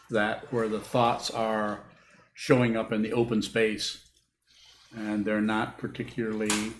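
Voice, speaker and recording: A man giving a dharma talk as a Buddhist teacher, answering questions in a halting, thoughtful way and repeating words as he rethinks. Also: medium pitch. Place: meditation hall with a group. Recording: echoey room with faint hiss.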